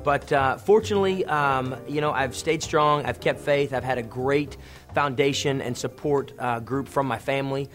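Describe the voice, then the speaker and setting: A man's voice: medium pitch, normal speed, faint music behind. A young adult man, a TV host, telling stories from his career in a casual interview, acting out what others said. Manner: lively storyteller acting out quotes.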